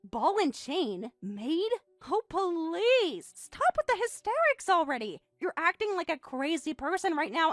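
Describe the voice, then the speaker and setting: A woman's voice: very high-pitched, a bit bright, no echo, full character voice. A synthetic female text-to-speech voice reading a bratty, dismissive teenage daughter in a text-message story.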